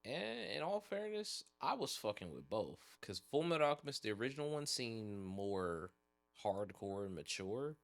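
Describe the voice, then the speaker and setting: A man's voice: lowish voice, big pitch swings, normal speed, vocal fry, no room sound. A man co-hosting a podcast, chatting in a laid-back, rambling way with loose slang. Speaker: podcast co-host. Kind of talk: casual chat about anime and games.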